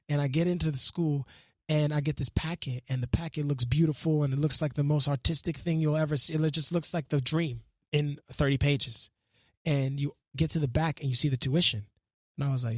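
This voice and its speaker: A man, telling his life story as a guest in a radio studio, animated and full of casual slang, acting out the voices of people he quotes. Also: on the high side, fairly quick, dry recording. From Brooklyn, New York. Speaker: musician and actor guest.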